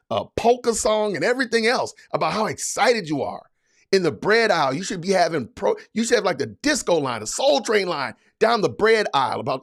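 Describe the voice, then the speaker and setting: A man's voice: high-pitched, vocal fry. A man hosting a podcast, giving sarcastic political commentary in a mocking, hyped-up, repetitive way. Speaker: podcast host.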